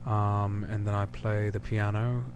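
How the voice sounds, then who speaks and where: A man from the United States chatting casually with hesitant pauses as the host of his own channel. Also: fairly low pitch, level tone, background noise. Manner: rambling, hesitant, full of pauses. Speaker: channel host answering questions. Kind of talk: casual recorded chat.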